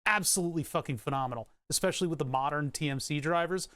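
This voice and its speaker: A male streamer talks in loose, rambling chat, restarting sentences and dropping swear words as he goes. His voice sits a little high for a man. The sound is dry and close with no room echo. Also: fast talker, sharp tone. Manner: rambling, profane, self-interrupting. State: hiccuping. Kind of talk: casual live-stream chat.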